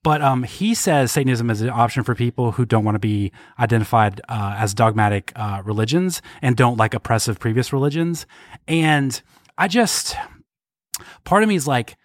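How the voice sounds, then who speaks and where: A man's voice: medium pitch, moderate pace, no room sound, studio quality. A man co-hosting a podcast, giving wry, joking commentary. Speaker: podcast co-host. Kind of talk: casual chat.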